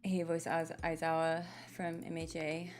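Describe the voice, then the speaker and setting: A woman's voice: deep voice, completely flat delivery, unhurried, a little mellow, a little hiss or hum. A young adult woman giving casual, rambling commentary while playing a game, often laughing at herself. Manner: giggly, rambling, self-deprecating. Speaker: gaming streamer.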